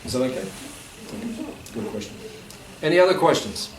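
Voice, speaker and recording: A man's voice: medium pitch, expressive, normal speed, far from the mic, crowd noise. Casual man teaching in an echoey hall. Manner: conversational, joking, many "you know" and "like". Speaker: spiritual teacher. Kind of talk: informal spiritual talk to a live audience. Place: gathering room at a festival. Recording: echoey room, voice from afar, faint noise.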